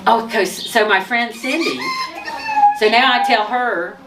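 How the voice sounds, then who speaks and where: A woman telling her personal testimony in a lively way, often laughing and restarting her sentences. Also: fairly high pitch, unhurried. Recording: distant mic with noise.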